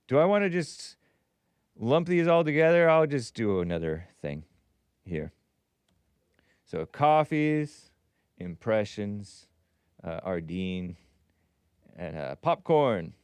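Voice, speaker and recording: A man's voice: on the low side, animated, slow, pauses often, darkish tone, smooth, no echo. A man hosting a casual livestream show, reading viewer messages aloud and answering them in a chatty way, laughing often and muttering asides under his breath.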